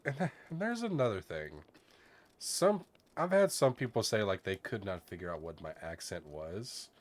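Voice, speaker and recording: A man from northern Texas with a soft Southern Texan accent, chatting in a relaxed, soft-spoken way with a gentle lilt while streaming a game. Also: on the low side, moderate pace. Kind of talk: relaxed casual chat while gaming.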